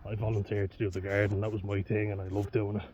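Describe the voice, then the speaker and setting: A man's voice: fairly low pitch, little pitch movement, fast. Chatty, swearing man, lo-fi outdoors. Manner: chatty, swears and laughs often, self-mocking. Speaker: vlogger. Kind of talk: casual chat to camera on a walk. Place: outdoors on a country walk. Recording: dull lo-fi sound with wind noise outdoors.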